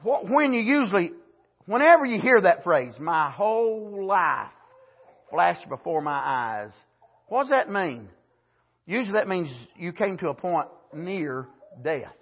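A man preaching a fervent sermon, swinging between loud shouted lines and low asides, with frequent amens. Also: husky, lo-fi sound.

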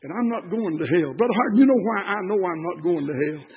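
Impassioned older preacher, husky, high. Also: male voice, lively intonation, fast talker. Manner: impassioned, swinging from hushed to shouted. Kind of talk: sermon. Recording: dull lo-fi recording.

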